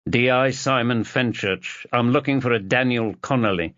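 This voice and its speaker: A man's voice: mid-range voice, moderate pace, fairly bright tone, no echo, highs cut off, pitched above the performer's own voice, close to an everyday voice. A man voicing a dogged male police inspector who speaks tersely and presses for answers.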